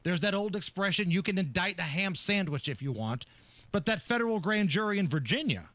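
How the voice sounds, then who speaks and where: A sarcastic male talk radio host with a fairly high, bright and forceful voice. He laughs often and sounds close and dry in a studio booth. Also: no echo. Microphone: studio microphone.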